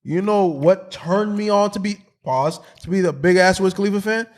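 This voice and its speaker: A man co-hosting a podcast, telling stories loudly in casual banter among friends. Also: sits high, moderate pace. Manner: loud, animated storytelling with frequent laughter. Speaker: podcast co-host.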